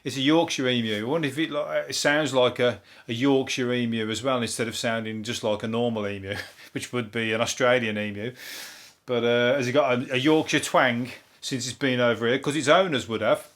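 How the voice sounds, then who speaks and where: Deadpan Brummie man hosting a comedy podcast. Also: mid-range voice, a little fast. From England. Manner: dry deadpan delivery with frequent swearing and filler ums. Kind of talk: rambling topical comedy monologue.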